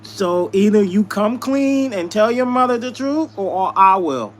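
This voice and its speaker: A man's voice: sits high, animated, unhurried. A man telling a heated personal story to his live viewers, hammering points home by repeating them. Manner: emphatic, repeats lines for emphasis. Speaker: live streamer.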